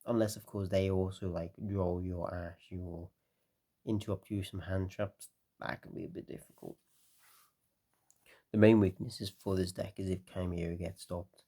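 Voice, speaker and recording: A tired man talking casually through a card game deck, relaxed and rambling with lots of fillers. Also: low voice, normal speed.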